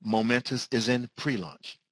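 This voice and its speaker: A man presenting a sales webinar, talking fast and driving home the same point again and again. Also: dry recording, low-quality recording. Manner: fast-talking, repetitive pitch.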